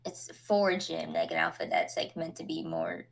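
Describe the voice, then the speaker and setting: A woman's voice: low-pitched, very animated, moderate pace, gravelly. A woman playing in a tabletop game, chatting casually and laughing often. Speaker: player. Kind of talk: casual chat.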